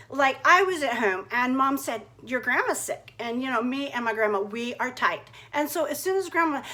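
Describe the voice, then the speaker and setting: A woman's voice: sits high, pushed and bright. A woman telling a story in first person as Red, a chatty young woman with a bubbly manner full of "like". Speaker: narrator in character.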